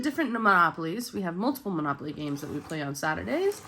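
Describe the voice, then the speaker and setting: A woman hosting her budgeting channel in casual chat, upbeat and chatty, her voice husky with morning voice and a coming cold. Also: fairly low pitch, very animated, quick pace, hardly any pauses, a bit bright.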